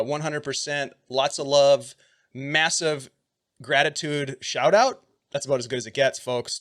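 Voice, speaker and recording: A man's voice: medium pitch, fairly bright tone. A man hosting and running a tabletop game stream, joking and effusive as he introduces the players. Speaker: game master and host.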